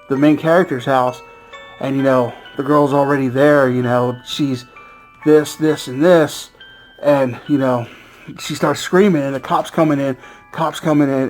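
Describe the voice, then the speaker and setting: Male reviewer with a slightly high voice, loose rambling recap full of "like" and "you know," faint music underneath. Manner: rambling, excitable, heavy on fillers and swearing. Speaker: movie reviewer. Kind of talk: casual plot recap.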